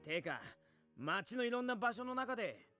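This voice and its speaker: A man's voice: very high voice, sing-song, fast, bright, forceful tone, soft background music, full character voice. An actor playing a brash, skeptical teenage boy in an anime game, talking in a blunt, grumbling way. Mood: suspicious. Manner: blunt, grumbling, rough-edged speech.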